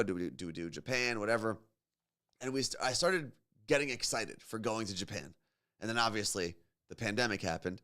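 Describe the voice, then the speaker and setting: A man's voice: lowish voice, fairly bright tone. Chatty male morning show co-host. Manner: chatty storyteller, bursts into silly singing. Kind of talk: casual morning show chat.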